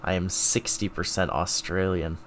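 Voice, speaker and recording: A man's voice: low-pitched, little pitch movement, normal speed, a little hiss or hum. A man streaming live, thinking aloud in a self-mocking casual way while taking quizzes.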